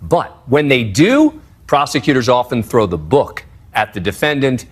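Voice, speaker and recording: A man's voice: mid-range voice, normal speed. A man giving legal analysis on a news broadcast in an explanatory, analytical way. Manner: explanatory, lively analytical delivery. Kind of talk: news commentary.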